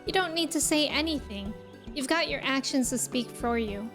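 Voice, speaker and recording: A plain-spoken young commoner who is eager to help, read aloud by a woman in her own high voice. The talk is casual and down to earth, as a fantasy game character. Faint music plays behind. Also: animated, normal speed. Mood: earnest.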